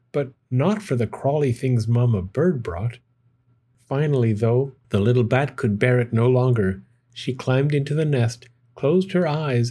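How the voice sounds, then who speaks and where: A man reads a children's storybook aloud with gentle, expressive pacing. His voice sits at a middle pitch, mellow and dark, with a soft husky grain. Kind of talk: children's picture book read aloud.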